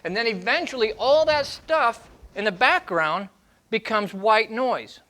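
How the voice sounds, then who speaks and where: A dog trainer answers viewer questions in a fairly high, bright and forceful voice. He is emphatic and acts out training steps in short fragments. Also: lively intonation, unhurried. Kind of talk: Q&A advice segment.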